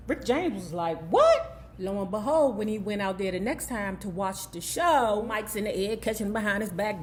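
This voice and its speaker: A woman's voice: mid-range voice, slight background noise. A woman hosting a casual book recap, telling the story in a sassy, gossipy way full of asides. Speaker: YouTube book recap host.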